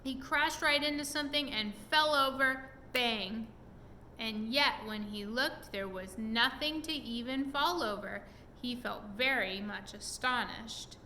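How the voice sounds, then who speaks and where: A woman reads a children's storybook aloud to a child at home, expressive and pausing to explain things. Her voice is bright and on the high side. Faint noise sits behind her.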